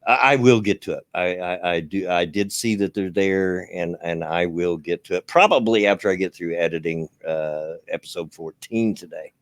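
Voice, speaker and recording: An older man co-hosting a stream, talking casually to his viewers in a relaxed, halting way with many fillers. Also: sits low, no echo. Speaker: streamer and co-host. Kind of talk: casual chat to a live audience.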